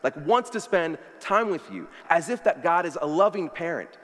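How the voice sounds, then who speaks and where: Young guy preaching, kinda high voice, super casual with lots of likes, big church reverb. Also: animated, normal speed, a bit bright. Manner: casual, conversational, many "like" fillers. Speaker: pastor. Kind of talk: sermon. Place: church sanctuary. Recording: long hall reverb.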